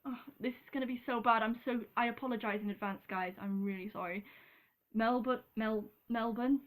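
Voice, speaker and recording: A woman's voice: fairly high pitch, fairly even intonation, a little fast. A young woman from Britain chatting casually on a vlog, giggly and rambling, with lots of ums and apologies. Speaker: vlogger. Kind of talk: casual chat.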